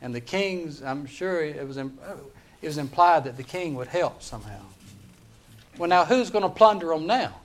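A man preaching a sermon, retelling a story in an animated, dramatic way. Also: a little high, normal speed.

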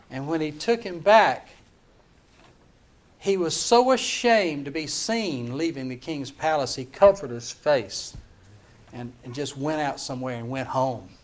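A man preaching a sermon, retelling a story in an animated, dramatic way. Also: on the high side, takes it slowly, pauses often.

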